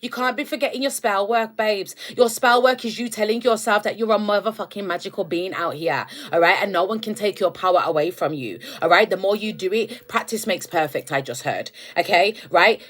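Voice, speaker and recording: A woman's voice: medium pitch, a little fast, few pauses, a bit bright. A young woman giving a casual, emphatic spiritual rant to her viewers, calling them babes and collective. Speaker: spiritual content creator.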